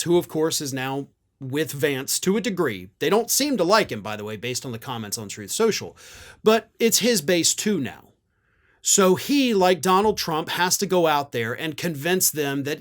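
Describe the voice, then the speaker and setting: A man's voice: a little high, fairly bright tone. A man hosting a political commentary show, sarcastic and combative.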